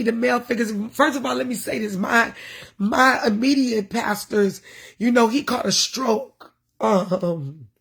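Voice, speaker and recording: High, gravelly-voiced woman minister. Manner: passionate, preachy, emotional. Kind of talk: casual livestream talk.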